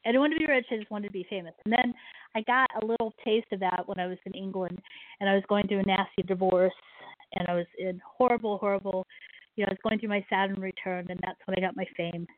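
A woman's voice: medium pitch, fairly even intonation, fast, no echo. A woman radio host with a Midwestern American accent, telling a rambling story on a chat show. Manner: rambling, self-correcting storyteller. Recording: tinny phone-line audio.

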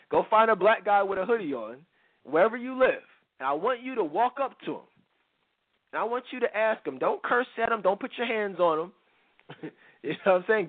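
A man's voice: high-pitched, no echo. A male radio talk show host delivering a blunt, slangy, opinionated monologue straight at his listeners. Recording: narrow phone-like radio sound.

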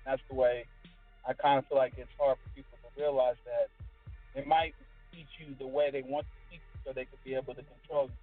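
A man's voice: medium pitch, level tone, a little fast. Laid-back male caller on the phone. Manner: laid-back, brief replies. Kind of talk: casual phone call. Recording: phone line with faint music.

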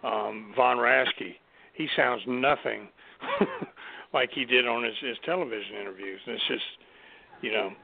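A man co-hosting a casual talk show, rambling and halting with lots of fillers. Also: mid-range voice, wildly swooping pitch, creaky. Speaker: co-host. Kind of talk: casual podcast chat. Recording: tinny phone-line audio.

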